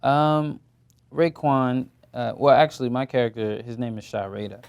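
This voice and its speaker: A man's voice: medium pitch, normal speed, gravelly, clear, resonant tone. A young man in his twenties, an actor talking casually in a studio interview, loose and slangy with lots of fillers. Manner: relaxed, slangy, many fillers. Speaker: actor guest.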